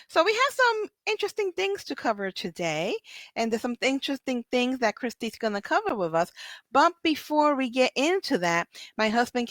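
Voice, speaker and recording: A woman's voice: on the high side, bright, forceful tone, dry recording. A woman with a Spanish accent hosting a podcast, chatty and playful as she opens the show. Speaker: podcast host. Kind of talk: casual podcast intro.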